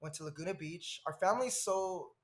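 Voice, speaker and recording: Guesting on a podcast, this Southern Californian in his thirties rambles animatedly through a personal story, laughing frequently and drifting into side comments. His voice sits high and moves fairly quickly.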